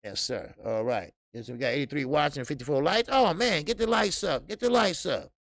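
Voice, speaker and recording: A man's voice: on the high side, lively intonation, normal speed, gravelly, fairly bright tone, no room sound. A man hosting a casual boxing livestream, talking loosely and profanely, reading out chat and breaking into laughter.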